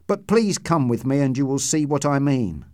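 Male reader as anxious old manservant, deferential, high-strung, dry close read. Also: animated, moderate pace, a little mellow, dry recording, lightly acted. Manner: deferential, anxious, keeps saying sir. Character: frightened old male servant, long-serving, deferential.

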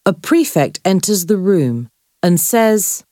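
A woman narrating a simple storybook in a slow, clear, expressive reading. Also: medium pitch, no room sound, clean studio sound. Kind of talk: scripted graded-reader narration.

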